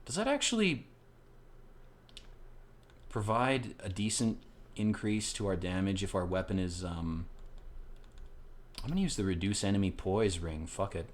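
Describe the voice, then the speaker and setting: A man hosting a let's play, rambling through casual, profane gameplay commentary with excitable outbursts. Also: sits low, unhurried, pauses often.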